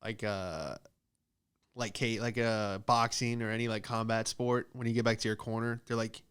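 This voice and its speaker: A young American man hosting a podcast, telling rambling comedic stories and acting out the people in them with squeaky high voices. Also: steady tone, moderate pace, fairly bright tone, clean tone. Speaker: podcast host. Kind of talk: casual comedic monologue.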